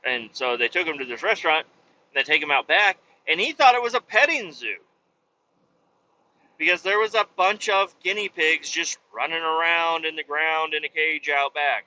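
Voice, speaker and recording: Man, fairly high voice, muffled lo-fi recording, loose cursing anecdote teller. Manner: profane, animated retelling with quoted dialogue. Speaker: podcast host. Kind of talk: casual storytelling.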